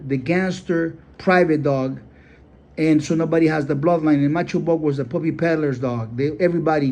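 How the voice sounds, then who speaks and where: Blunt, rambling man with a high voice. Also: mellow. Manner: rambling, filler-heavy, blunt and profane. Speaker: dog breeder. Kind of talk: casual storytelling.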